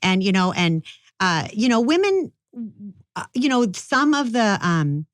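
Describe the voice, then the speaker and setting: A woman with a mid-range voice talks as a guest on a podcast, recorded close and dry. She tells her stories with animation, and her voice lifts when she gets excited. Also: mid-range voice, unhurried, no room sound. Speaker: firearms instructor and guest. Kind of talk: casual interview chat.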